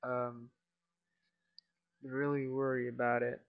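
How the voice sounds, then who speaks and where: A man's voice: mid-range voice, flat delivery, takes it slowly, creaky, phone-quality sound. A tired teenage boy commentating his shooter gameplay casually, mumbling and swearing often.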